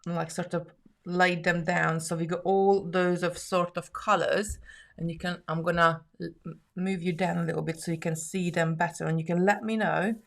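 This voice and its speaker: A woman with a slightly low voice chats casually on a live craft stream at her home table. She reads viewer comments aloud, laughs easily and often restarts her sentences mid-thought. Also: creaky. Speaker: live stream host making jewellery.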